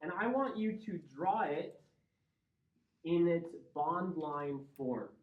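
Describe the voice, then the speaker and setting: A man with a Midwestern accent and a fairly high, animated voice teaches a chemistry class at an unhurried pace, explaining step by step and checking in with his students. The lecture classroom recording is roomy, dull and lo-fi.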